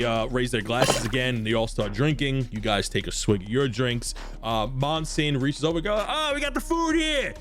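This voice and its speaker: A young man narrates a tabletop game as game master in a relaxed, casual way, full of fillers and restarts. He sits at a middle pitch. Faint music plays behind him. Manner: casual narration with many fillers, puts on quick character voices.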